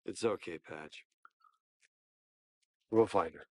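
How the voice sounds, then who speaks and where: A calm deep-voiced older craftsman. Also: slow, no room sound, studio quality.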